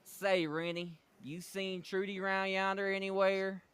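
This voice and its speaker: A man's voice: high-pitched, little pitch movement, a little slow, a bit bright, clear, resonant tone. A man drawling as a bossy hillbilly wrestler. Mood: scolding. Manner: thick country drawl.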